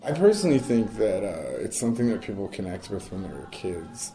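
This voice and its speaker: A man's voice: sits low, lively intonation, moderate pace, vocal fry, hardly any pauses, dark tone. A man giving a thoughtful interview answer, with slight stumbles. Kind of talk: interview speech.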